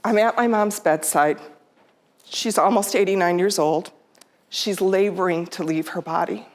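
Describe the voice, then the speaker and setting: A woman's voice: fairly low pitch, measured pace. A middle-aged woman giving a heartfelt storytelling talk on stage, quoting herself and her mother in her own voice. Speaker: speaker. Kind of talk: storytelling talk to a live audience. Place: theater stage.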